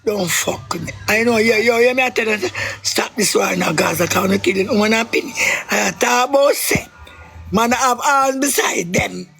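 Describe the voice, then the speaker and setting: A Jamaican man on a live stream, rambling and swinging between shouting and crying. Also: high-pitched, normal speed, creaky, breathy edge. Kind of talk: emotional live stream rant.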